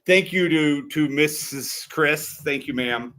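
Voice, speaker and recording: A man's voice: fairly high pitch, slow, fairly bright tone. A man co-hosting a sports podcast, talking casually about betting picks and games with a laid-back, rambling manner. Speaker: podcast co-host.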